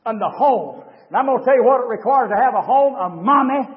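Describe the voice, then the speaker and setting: A man preaching a fiery revival sermon in a church, swinging from shouted, rising lines to low, quiet asides. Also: lively intonation, fairly quick. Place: church sanctuary with a congregation. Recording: dull lo-fi 1990s church recording with long reverb.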